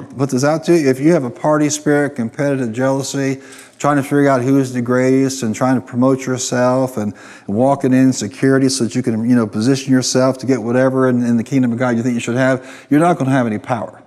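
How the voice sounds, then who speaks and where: A man of mid pitch preaches a sermon with emphatic, call-and-response delivery. His voice carries a long reverb, as if heard in a large church hall. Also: steady tone, fast, darkish tone. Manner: emphatic, calls for responses from the congregation.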